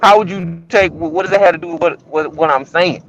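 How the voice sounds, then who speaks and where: Emphatic high-voiced caller. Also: male voice, fairly quick, lo-fi sound, slight background noise. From Alabama. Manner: emphatic, preachy rhetorical questions. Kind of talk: call-in show chat.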